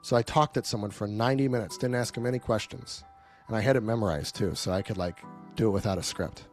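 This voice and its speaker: A man's voice: fairly low pitch, fast talker, a little mellow, soft background music. A man leading a live sales training, telling his own story in a blunt, casual, profane way and checking in with the audience.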